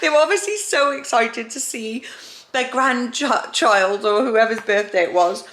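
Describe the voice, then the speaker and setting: A woman's voice: a little high, a little slow, fairly bright tone. A young pregnant woman chatting casually at home for a vlog, talkative and emotional, often giggling. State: heavily pregnant. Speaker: vlogger.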